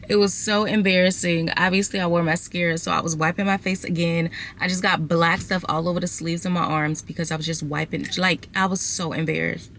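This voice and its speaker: A woman's voice: fairly low pitch, fairly even intonation, fairly quick, hardly any pauses, a bit bright, a little hiss or hum. A young adult woman vlogging casually to her viewers, chatty and exasperated as she talks to them as y'all. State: six months pregnant. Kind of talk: casual storytelling vlog.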